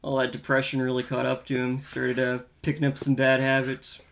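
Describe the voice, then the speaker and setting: A man's voice: medium pitch, completely flat delivery, a little fast, gravelly. A man co-hosting a casual film-review podcast, talking in a wry, rambling, profane way. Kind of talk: casual chat.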